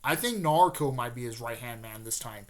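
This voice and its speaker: A man recounts a fan-made story casually and without preparation, his medium-pitched voice expressive. The telling rambles with plenty of fillers and restarts, peppered with brief bits of character dialogue.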